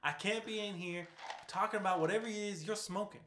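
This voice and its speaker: A Southern Texan preacher drawls out an impatient scolding, as a man puts him on. The voice sits higher than the speaker's own, and the room rings with echo. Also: fast, noisy background, natural voice.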